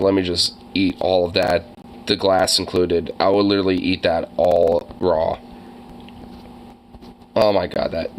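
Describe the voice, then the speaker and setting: A young man streaming casually, rambling and swearing, quick to get excited. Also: low voice, slight background noise, low-quality recording. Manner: profane, rambling, easily excited. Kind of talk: casual livestream chat.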